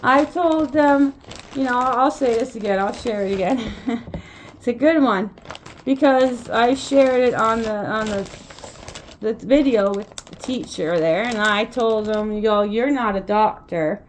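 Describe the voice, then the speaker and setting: A woman's voice: fairly high pitch, a little slow, a little hiss or hum. A woman, a mother, talking at home in a casual vlog, rambling and impassioned, often repeating her words. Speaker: vlogger and mother.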